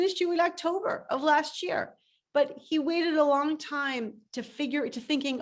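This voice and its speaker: A woman's voice: high voice, measured pace. A woman coach speaking emphatically as a guest on a video call interview, telling stories with lots of energy. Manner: animated, emphatic storytelling. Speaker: startup coach.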